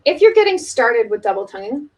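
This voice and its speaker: A middle-aged woman teaching oboe technique in a relaxed video lesson, talking casually with many fillers and restarts. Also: on the high side, brisk, low-quality recording.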